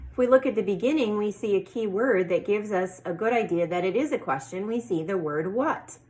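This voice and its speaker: Woman, first grade teacher, patient lesson, slow drawn-out example sentences. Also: mid-range voice, darkish tone, rough recording. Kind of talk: teaching a lesson to young children.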